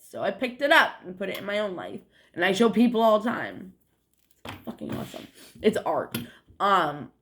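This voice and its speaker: Here a young woman vlogs in a New England accent, her mid-range voice a bit bright. She rambles to camera in a meandering, casual way, constantly saying "like," swearing, and laughing a lot.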